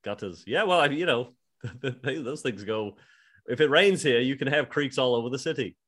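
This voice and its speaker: A man playing an elderly John Lennon with a Liverpool accent, deadpan and rambling as a podcast host. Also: mid-range voice, normal speed, close to an everyday voice. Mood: wry. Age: 70s. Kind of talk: improvised comedy podcast impression.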